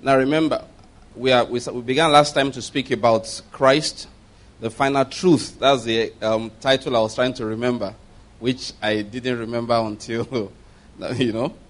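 A man's voice: mid-range voice, steady tone, moderate pace. A man preaching a sermon. He teaches, has the congregation repeat key phrases and piles up rhetorical questions. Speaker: pastor.

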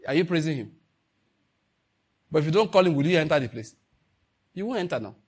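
Husky-voiced man preaching a lively sermon. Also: on the high side, a little fast. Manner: animated preaching, acting out little dialogues, often laughing. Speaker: pastor.

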